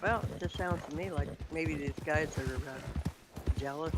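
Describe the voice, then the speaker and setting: A man in a role-play session, calmly reassuring a friend in short replies in a fairly high voice. His words sit over loud background noise. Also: moderate pace. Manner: calm, consoling, brief replies. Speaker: fellow role-play player. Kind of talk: in-character role-play chat.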